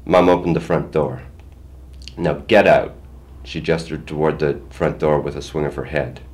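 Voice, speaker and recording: An older man reads a first-person story in a plain, measured way. His voice sits extremely low and deep. He tells it steadily, line by line. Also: fairly even intonation, a little mellow. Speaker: memoir reader.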